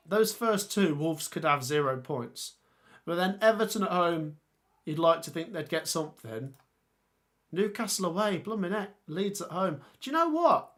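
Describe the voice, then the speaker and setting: A young man hosting a casual live stream, thinking aloud about football fixtures and reading out viewer comments. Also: high-pitched. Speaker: football channel host.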